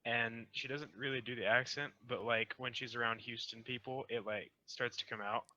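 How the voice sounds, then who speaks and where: A man from Texas calls in to a podcast, hesitant and offhand. His voice is sharp and very bright. A muffled, lo-fi line dulls the sound. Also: medium pitch, steady tone, normal speed. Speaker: caller. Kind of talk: call-in podcast chat.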